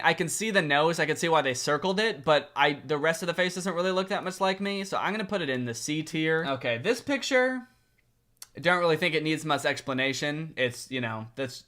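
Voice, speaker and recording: A man's voice: fairly high pitch, sharp tone. A young man chatting casually as a vlogger, wry and self-mocking as he ranks pictures. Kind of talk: casual commentary ranking pictures.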